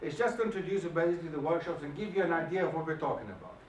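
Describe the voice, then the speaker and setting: A man giving an emphatic, animated lecture and firing questions at the audience, recorded in a hall. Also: fairly high pitch, racing, a little hiss or hum. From Germany. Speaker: guest lecturer. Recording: echoey hall, mic at a distance.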